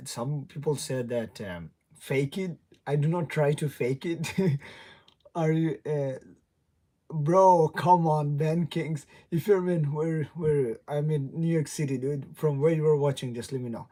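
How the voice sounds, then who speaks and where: A man's voice: fairly high pitch, a little slow, mellow. A young man with a non-native English accent, hosting a rambling, casual livestream chat, laughing often and greeting viewers. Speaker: livestream host. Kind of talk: casual live stream chat.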